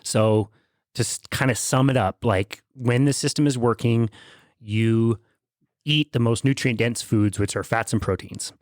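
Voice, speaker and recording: Measured male podcast host. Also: mid-range voice, no room sound, studio quality. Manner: measured, summing up in steady short phrases. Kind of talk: conversational podcast interview.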